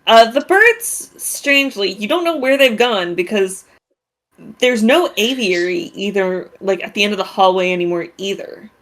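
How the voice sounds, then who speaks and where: A woman narrating a tabletop role-playing game in a relaxed, chatty way with many fillers. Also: medium pitch, normal speed. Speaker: game master.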